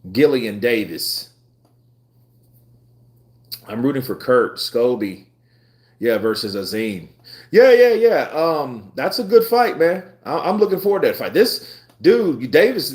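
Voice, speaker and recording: A man's voice: on the high side, very animated, a little slow, pauses often, darkish tone. A man in his twenties hosting a live stream, chatting casually and telling rambling stories with frequent laughter. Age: 20s. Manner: laid-back, laughs often, rambling anecdotes. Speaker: livestream host. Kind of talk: casual live commentary and storytelling.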